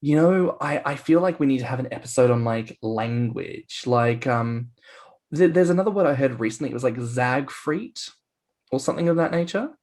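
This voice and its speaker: Animated, playful man chatting on a podcast. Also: medium pitch, normal speed. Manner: animated, playful storyteller with bursts of mock voices. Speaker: podcast co-host. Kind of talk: casual chat.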